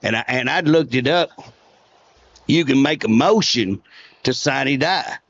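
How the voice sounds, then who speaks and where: A man's voice: medium pitch, unhurried, fairly bright tone, lo-fi sound, a little hiss or hum. A man, a state representative telling folksy stories in a casual interview and chuckling often.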